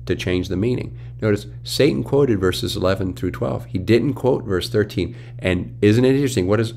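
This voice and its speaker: A man's voice: on the low side, normal speed, gravelly, darkish tone, slight background noise. A man teaching from the Bible, reading scripture aloud and then explaining it with emphatic questions. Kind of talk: Bible study commentary.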